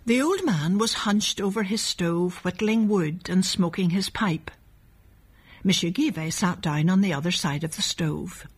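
A woman reading a children's story aloud, gently and lively, voicing each character. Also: fairly low pitch, measured pace, husky.

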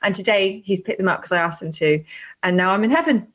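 A woman co-hosting a podcast in casual chat, excitable, laughing often and swearing. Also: mid-range voice, fast talker. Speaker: podcast co-host.

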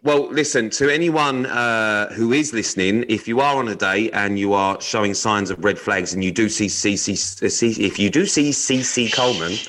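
A man's voice: on the low side, normal speed, hardly any pauses, fairly bright tone, poor audio. A man co-hosting a podcast, swearing bluntly in casual chat and reading out dating news items with teasing comments. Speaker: podcast co-host.

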